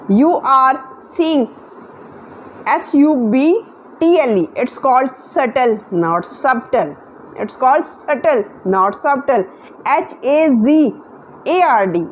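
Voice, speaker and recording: A woman's voice: high-pitched, slight background noise. A woman giving a spoken lesson in an earnest, repetitive way, spelling words out letter by letter. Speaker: English teacher. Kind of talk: spoken English lesson to camera.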